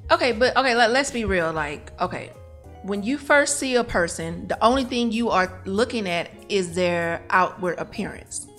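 A woman's voice: mid-range voice, expressive, moderate pace, a bit bright, soft background music. A woman co-hosting a casual group chat, explaining her views at length with emphasis. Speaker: podcast co-host.

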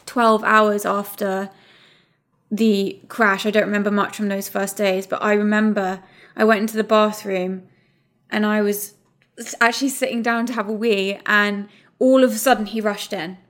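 A woman's voice: medium pitch, flat delivery, moderate pace, fairly bright tone. A woman guest in a casual chat, talking earnestly and with emotion.

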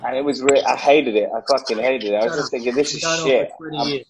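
A man on a panel telling a story in an animated, profane way, acting out shouted lines. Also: medium pitch, fast talker, a crowd in the background, poor audio. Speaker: actor on a reunion panel. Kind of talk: casual anecdote.

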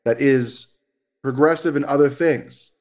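A man speaking as a therapist guest in a casual podcast interview, talkative and animated, with frequent fillers and restarts. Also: mid-range voice, measured pace. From United States.

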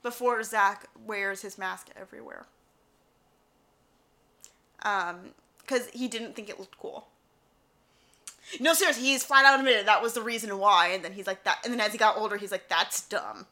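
A woman's voice: medium pitch, moderate pace, long pauses. A woman co-hosting a podcast in casual chat, telling stories animatedly and acting out what others said. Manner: animated storytelling, quotes others in voices. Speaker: podcast co-host.

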